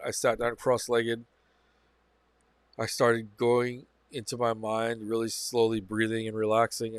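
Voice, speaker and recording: A man's voice: mid-range voice, fairly bright tone, dry recording. Man telling a rambling personal story. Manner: rambling, repeats phrases, self-corrects. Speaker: channel host. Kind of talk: casual first-person storytelling.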